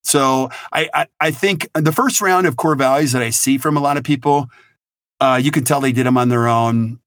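In a podcast interview, the guest, a middle-aged business consultant, is emphatic, energetic and direct. His medium-pitched voice keeps a moderate pace, and the studio-quality audio carries no room sound.

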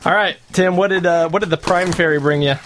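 A man's voice: high voice, brisk, fairly bright tone, slight background noise. A man from the United States hosting a podcast, chatting in a jokey, playful way. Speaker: podcast host. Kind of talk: casual chat.

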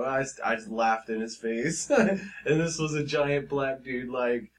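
A man's voice: medium pitch, unhurried, slight background noise. A man telling a story among friends in a laid-back, profane way. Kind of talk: casual chat. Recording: a bit distant from the mic.

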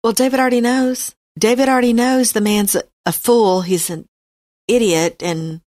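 A woman's voice: a little high, steady tone, moderate pace, a little mellow. A woman co-hosting a casual Bible study chat, adding brief, affirming remarks.

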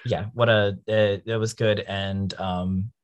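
A man in his twenties, a guest on a podcast, chatting in a relaxed way. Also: fairly low pitch, takes it slowly, a little hiss or hum. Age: 20s. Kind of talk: casual podcast chat.

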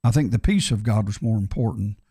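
Gravelly, husky man preaching earnestly. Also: on the low side, a little fast, mellow, no echo, studio quality. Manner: earnest, preacherly, repeats key phrases. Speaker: podcast co-host. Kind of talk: casual faith discussion.

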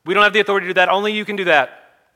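A man voicing a crowd of frantic male chief priests, yelling shrilly and pleading urgently. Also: high-pitched, steady tone, rapid-fire, pitched above the performer's own voice. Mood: shouting.

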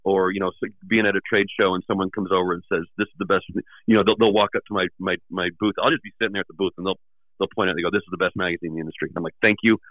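Fast-talking man on a tinny line. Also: low-pitched, dry recording. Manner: animated storyteller, acting out quoted people. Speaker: magazine editor and podcast guest. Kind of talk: casual storytelling chat. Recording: tinny phone-like sound.

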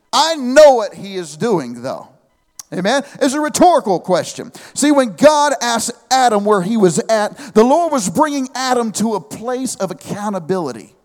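A man in his thirties preaching a sermon with an animated delivery, humorous asides and calls of amen. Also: high voice, big-room sound.

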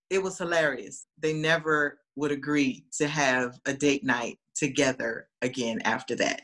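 Animated woman telling stories. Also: sits low, moderate pace. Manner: lively, animated, acts out quoted voices. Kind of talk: casual storytelling.

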